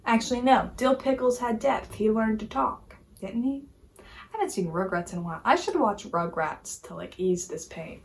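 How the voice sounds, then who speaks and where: A woman giving a casual, animated opinion rant as a YouTube commentator, exasperated and full of "like" fillers. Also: fairly high pitch, moderate pace. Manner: animated, exasperated, heavy use of "like".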